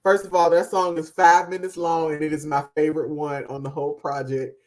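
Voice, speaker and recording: A woman with a somewhat low voice co-hosts a podcast and reviews music in casual, chatty talk. She leans into her points with emphasis and lets some phrases trail off quietly. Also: little pitch movement, brisk. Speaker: podcast co-host.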